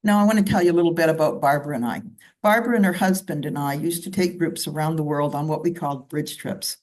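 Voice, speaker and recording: A woman's voice: low voice, quick pace, darkish tone. A woman from Canada speaking at a club meeting, walking listeners through her slides in a conversational way with asides. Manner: conversational, with asides and side remarks. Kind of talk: slide presentation talk.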